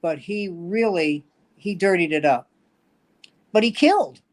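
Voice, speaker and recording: An older comedian from New York, guesting after years in standup, shares rambling, wry stories in a laid-back chat. His high-pitched voice is animated but unhurried.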